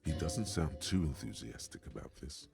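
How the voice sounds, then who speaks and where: An actor voicing a wry, grandiose narrator for a video game. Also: male voice, extremely low pitch, animated, moderate pace, creaky, over music, heavily acted.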